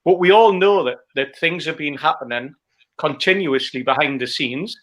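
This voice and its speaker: A man giving measured, hedging analysis on a casual football podcast. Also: on the high side, fairly bright tone. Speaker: podcast co-host.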